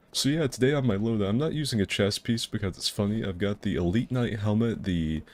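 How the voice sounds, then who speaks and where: A man's voice: fairly low pitch, normal speed. A young man from Florida giving casual, rambling gameplay commentary full of crude jokes. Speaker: gaming video host.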